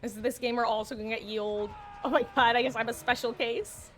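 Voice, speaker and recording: A woman's voice: a little high, steady tone, a little fast, fairly bright tone, soft background music. A woman streaming herself playing a game, with playful, goofy commentary and frequent laughter. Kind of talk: livestream gameplay commentary.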